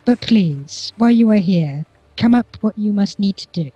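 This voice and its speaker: A woman's voice: mid-range voice, lively intonation, warm tone, husky, no echo, lo-fi sound. Woman doing a weary, regal queen. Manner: formal, measured speech.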